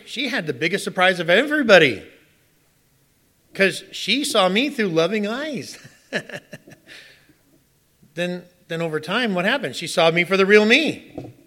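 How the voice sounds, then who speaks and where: A middle-aged man delivering a sermon with a bright, forceful voice that sits a little on the high side. He tells stories with animation and keeps putting rhetorical questions to his listeners. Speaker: pastor.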